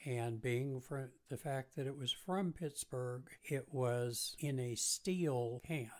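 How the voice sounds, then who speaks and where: A man with a mid-range voice co-hosts a podcast and tells easygoing family stories. His delivery is conversational and unhurried. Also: medium pitch. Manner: relaxed, anecdotal. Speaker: podcast co-host. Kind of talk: casual chat.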